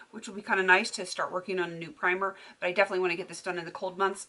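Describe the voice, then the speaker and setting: A woman's voice: medium pitch, a bit bright. A woman beauty vlogger chatting casually to camera at home, laughing often as she talks. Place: home filming room.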